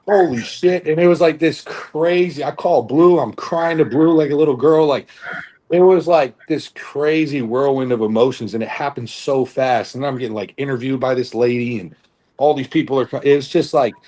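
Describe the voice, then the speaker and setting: A young podcast co-host who bodybuilds chats casually, telling a long, meandering story heavy on fillers and swearing. His voice is medium-pitched and warm, at a moderate pace.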